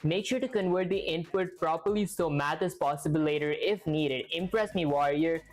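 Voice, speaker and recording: A woman's voice: low voice, moderate pace, darkish tone, soft background music. Chatty, giggly woman streaming live. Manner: chatty, giggly, thinks aloud and reads viewer comments. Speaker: live-stream host learning to code. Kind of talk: casual live-stream chat while coding.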